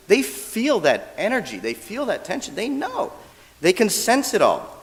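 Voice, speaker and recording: Man, casual funny sermon, lively swinging pitch, reverberant church hall. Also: measured pace, slight background noise. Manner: animated, acts out quoted voices, asks audience "right?". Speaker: minister. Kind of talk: casual humorous dharma talk.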